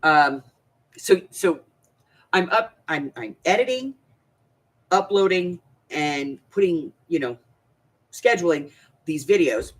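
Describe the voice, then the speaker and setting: A woman hosting a crafting channel chats casually, rambling with frequent restarts and laughter. Her voice sits low and husky, animated but slow, with many pauses.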